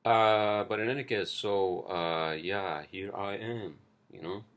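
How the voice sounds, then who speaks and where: A man's voice: on the low side, slow pace, a bit bright. A man hosting a casual solo podcast, rambling and swearing with lots of fillers, recorded at home on a cheap headset mic. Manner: rambling, profane, many fillers. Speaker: podcast host. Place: indoors at home, street traffic outside. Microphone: cheap headphones.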